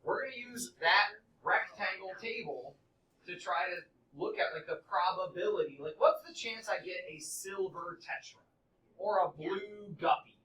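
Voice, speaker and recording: A man's voice: high-pitched, sharp tone. A man teaching a middle school math class, quizzing students in an upbeat, coaxing way. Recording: echoey classroom from far off.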